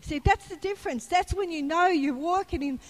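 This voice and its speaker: A woman's voice: extremely high pitch, normal speed. A woman preacher giving a sermon, telling a personal story in a chatty way and rising into fervent, emphatic preaching. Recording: long hall reverb.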